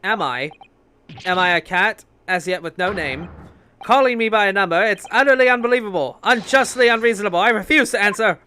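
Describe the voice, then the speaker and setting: A man voicing an excitable young Japanese student poet who speaks in loud, dramatic, alliterating outbursts, with game music behind. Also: a little high, normal speed, a little hiss or hum. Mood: indignant.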